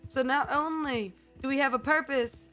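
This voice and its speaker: A woman's voice: high-pitched, steady tone, moderate pace, pushed and bright, soft background music. A woman streamer chatting casually to her viewers, keeping up a put-on character accent, with lots of fillers.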